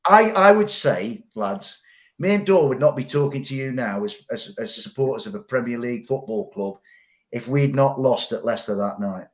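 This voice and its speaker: A man's voice: mid-range voice, animated, moderate pace. A middle-aged man, telling long stories as a pundit in a casual football podcast chat, often repeating words as he goes.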